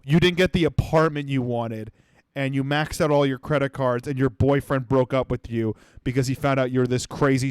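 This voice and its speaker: A young man hosting a comedy podcast, ranting in an exasperated, profane way that swings from mumbling asides to shouting. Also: a little high, clear, resonant tone, dry recording. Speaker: podcast host. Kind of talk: comedic rant.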